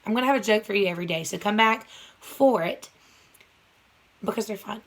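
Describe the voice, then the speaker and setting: A woman's voice: mid-range voice, a little fast. A young woman teaching first grade by video, upbeat and playful, asking the children questions as she reviews a storybook. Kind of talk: video reading lesson for children.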